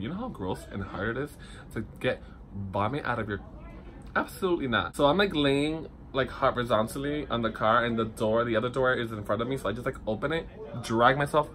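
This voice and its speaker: Animated young man telling a story. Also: mid-range voice, fairly quick, slight background noise. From Dominican heritage. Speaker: vlogger. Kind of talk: casual storytelling vlog. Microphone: phone camera.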